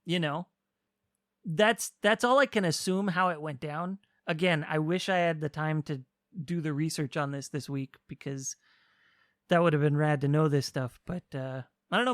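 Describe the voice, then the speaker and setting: A man in casual podcast chat, his voice sitting a little high for a man. He retells things animatedly, slipping into quick acted-out lines. The sound is dry and close, with no room around it. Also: no room sound. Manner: animated storytelling, acts out characters' lines. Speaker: podcast co-host explaining a game.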